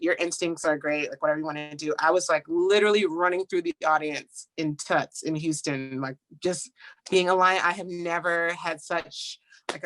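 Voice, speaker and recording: A woman, a stage actress on a podcast, talking about her roles in an animated, goofy way. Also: sits low. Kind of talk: casual interview chat.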